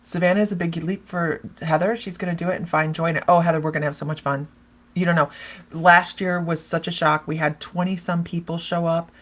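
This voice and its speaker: Husky-voiced woman chatting on a livestream. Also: fairly low pitch, fairly even intonation, a little fast. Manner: chatty and rambling, laughs often; talks straight to viewers by name. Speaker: psychic medium. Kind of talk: casual livestream chat reading viewer comments.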